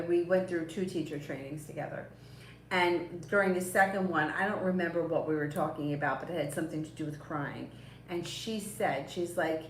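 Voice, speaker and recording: A woman gives live-stream tarot readings in a chatty, reassuring way, rambling along with fillers and soft little laughs. Her voice sits a little low. She sounds a bit away from the mic, in an echoey room with a faint hiss behind her. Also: recorded from a distance. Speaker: tarot reader.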